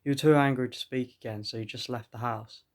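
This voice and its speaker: A man's voice: mid-range voice, steady tone, a little fast. A man reading an AI-written second-person story aloud, often stopping to comment and laugh at it. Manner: breaks into laughter, comments between lines.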